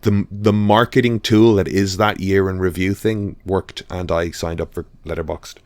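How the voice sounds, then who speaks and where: A man's voice: low voice, little pitch movement, moderate pace, no room sound. A man co-hosting a podcast, chatting casually about films, rambling with lots of fillers and restarts. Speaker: podcast co-host. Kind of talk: casual chat.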